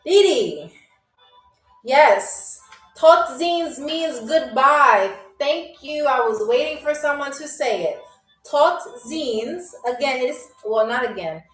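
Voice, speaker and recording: A woman with a high voice runs a live-stream trivia game, playful and teasing as she chats with her viewers. She takes her time and drags some words out. She sits away from the mic in a roomy space, with soft music behind her. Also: lively intonation, slow, recorded from a distance. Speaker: game show host.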